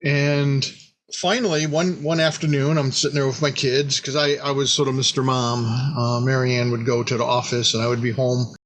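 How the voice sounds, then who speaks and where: Animated man telling a rambling story. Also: moderate pace, rough recording. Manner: animated, acts out quoted dialogue with big pitch jumps; rambling with frequent restarts and repeated words. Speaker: company founder recounting history. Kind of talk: casual anecdotal storytelling.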